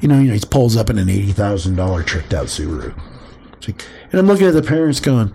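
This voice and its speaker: A man's voice: fairly low pitch, big pitch swings, fast talker, gravelly, mellow, breathy edge. A man hosting a podcast, talking casually about spirituality, acting out quoted voices and swearing freely. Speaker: podcast host.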